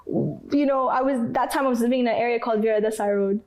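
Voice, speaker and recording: Animated woman telling a hard story. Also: fairly high pitch, fast talker, hardly any pauses. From Canada. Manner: animated, acts out others' voices and her own crying in quotes; repetitive, emphatic phrasing. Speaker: podcast guest. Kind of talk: emotional personal storytelling.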